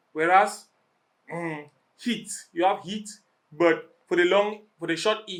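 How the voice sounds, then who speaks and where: A man with a rather high voice teaches an English pronunciation lesson at a slow, deliberate pace. He demonstrates each vowel, repeats it patiently and keeps checking that the class is following. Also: steady tone, fairly bright tone.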